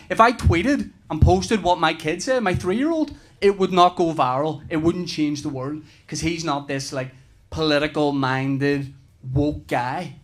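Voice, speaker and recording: A man in his thirties doing a stand-up routine, telling stories with animated delivery, laughing and shouting at punchlines. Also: on the high side. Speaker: stand-up comedian.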